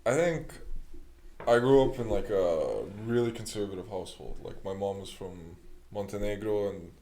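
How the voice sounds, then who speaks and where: A young man, a podcast guest, telling stories in relaxed, slangy casual chat. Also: on the low side, normal speed.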